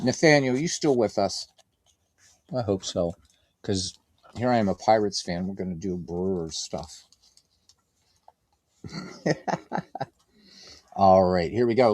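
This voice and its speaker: Man, low voice, very animated, casual baseball stream chat, announcer-style lineups, self-mocking, dry close sound. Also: no room sound. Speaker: game streamer.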